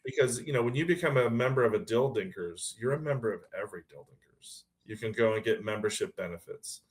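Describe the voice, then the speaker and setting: A man chatting as a podcast guest, telling lively stories and laughing often. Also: medium pitch. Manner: lively storytelling, quick to laugh. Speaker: guest, pickleball club founder. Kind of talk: casual podcast chat.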